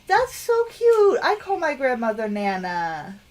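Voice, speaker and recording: A woman's voice: high voice, huge pitch swings, measured pace. A woman giving casual, chatty gameplay commentary, giggly and self-deprecating, reading the on-screen text aloud. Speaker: game streamer.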